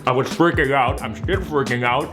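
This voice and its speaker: Man, excitable vlogger, story told to camera, acts out quoted voices, music playing underneath. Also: mid-range voice, normal speed. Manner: excitable, retells with quoted voices, shrieks when shocked. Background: background music.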